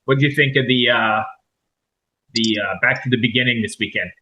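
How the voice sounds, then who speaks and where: A male interviewer with a husky, bright-toned voice asks casual questions and nods along with brief replies. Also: mid-range voice, fairly quick, poor audio. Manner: short affirmations and prompts.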